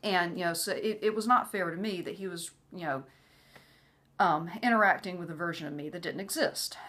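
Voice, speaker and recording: A vlogger with a fairly low, slightly bright voice tells a personal story casually and a little fast, using many "you know" fillers and sometimes acting out what other people said.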